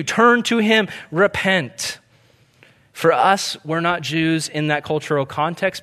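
A man delivers a sermon with earnest conviction, pushing hard on one point and sinking to a near hush on the next. His voice sits a little above the usual male range. A long reverb carries through the large hall around him. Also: on the high side. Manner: earnest, swings from emphatic to hushed. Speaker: pastor.

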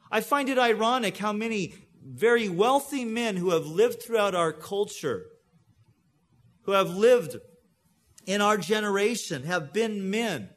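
A middle-aged man preaching a sermon, earnest, often dropping low and soft on key phrases. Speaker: pastor.

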